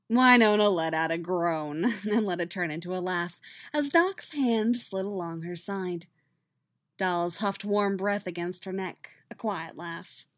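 A woman reading fan fiction aloud as a podfic, with soft, steady storytelling. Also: on the low side, measured pace, dry recording. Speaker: podfic reader.

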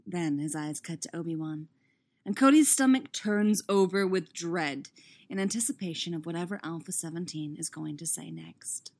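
A woman reading fan fiction aloud in a steady, expressive narration. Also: on the low side, moderate pace, gravelly. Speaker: audiobook reader.

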